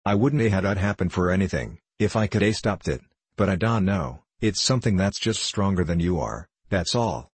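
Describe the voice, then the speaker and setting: A man voicing a huge, slow-witted man who stammers and repeats himself helplessly in a storybook reading. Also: on the low side, big pitch swings, darkish tone, slightly rough, no room sound, exaggerated voice. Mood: pleading.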